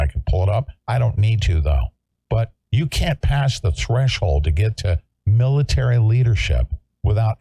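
A man's voice: sits low, creaky, mellow, no echo. A man hosting a political talk show, speaking emphatically and repeating himself to rally his listeners.

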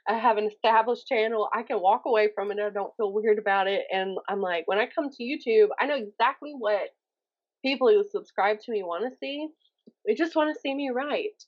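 A woman from Mississippi with a Southern accent, a YouTuber chatting as a guest on a podcast, animated and self-mocking, acting out the voices she quotes. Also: medium pitch, a little fast, lo-fi sound. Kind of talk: casual podcast chat.

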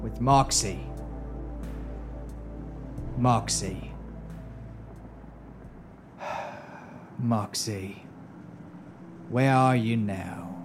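A man voicing a brooding male ship captain who mutters slowly and mournfully. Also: fairly low pitch. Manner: slow, mournful, muttering grumbles. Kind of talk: audio drama acting. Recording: music score playing underneath.

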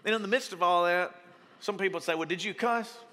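A male pastor preaching with a bright, forceful voice that sits a little high. He is animated and folksy, jumping up in pitch to act out the voices he quotes. Long reverb trails off his words in a big church hall. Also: fast talker, a little hiss or hum. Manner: folksy, joking. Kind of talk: sermon.

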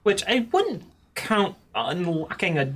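Low-voiced woman running the game. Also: sing-song, slow pace. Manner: explanatory, with fillers and laughs. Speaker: game master. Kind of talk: narrating a tabletop game.

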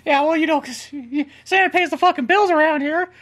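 Woman, very high voice, crude running jokes over a movie. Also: fairly quick, fairly bright tone. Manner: profane, mocking, does silly voices. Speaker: co-commentator. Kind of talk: crude comedic commentary on a film.

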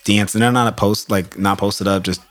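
A man chatting as a guest on a podcast, a DJ who talks in a relaxed way, full of "like" and "bro". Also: lowish voice, normal speed. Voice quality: relaxed, heavy use of "like" and "bro". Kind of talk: casual podcast chat.

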